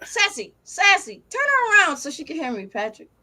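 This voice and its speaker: Brief: older woman host, very high and lively voice, brash playful teasing on a video call. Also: quick pace. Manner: loud playful teasing, swearing, repeats a pet's name. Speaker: live stream host. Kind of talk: casual live stream chat.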